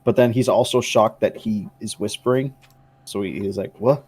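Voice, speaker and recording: Male player, low-ish, laid-back and jokey. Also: fairly even intonation, moderate pace, a little mellow, breathy edge. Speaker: player voicing his character. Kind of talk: tabletop role-play narration.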